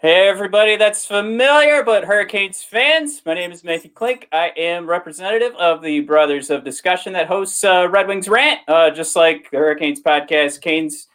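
A man's voice: high-pitched, normal speed, few pauses, fairly bright tone. A man guesting on a podcast, introducing himself in a hesitant way and correcting himself as he goes. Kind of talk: casual podcast chat.

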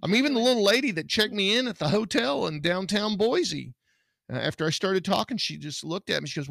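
Gravelly man hosting a podcast. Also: high-pitched, lively intonation, fairly quick, fairly bright tone, no echo. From Texas. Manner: folksy, earnest, rambling with restarts. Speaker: podcast host, private investigator. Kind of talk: casual podcast talk.

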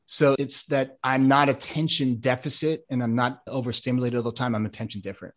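A man's voice: medium pitch, fairly even intonation, a little fast. An American man, an ADHD coach, talking in a casual podcast interview, rambling with many restarts and plenty of enthusiasm. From United States.

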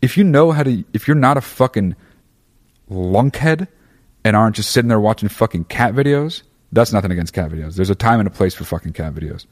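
A man's voice: fairly low pitch, expressive, a little fast. A man talking to listeners in a casual monologue, profane and opinionated, rambling through fillers and restarts.

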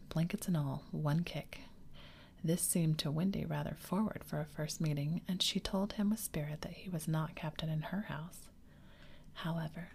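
A woman reading a children's story aloud in a slow, soothing ASMR whisper. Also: sits low, darkish tone, a little hiss or hum. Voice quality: breathy whisper.

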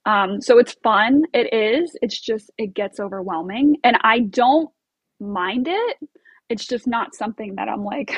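Chatty woman with a bright high voice. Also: lively intonation, unhurried, husky, dry recording. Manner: bubbly, chatty, many fillers and laughs. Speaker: interview guest. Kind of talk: casual storytelling.

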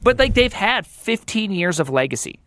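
A man as a podcast guest, a software engineer talking through opinions in animated, emphatic, rambling chat. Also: high-pitched, moderate pace, dry recording. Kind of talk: casual opinionated tech chat.

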